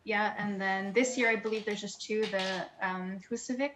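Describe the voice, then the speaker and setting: A woman's voice: medium pitch, steady tone, normal speed, fairly bright tone, a little hiss or hum. A woman asking questions on a casual video call, chatty and friendly.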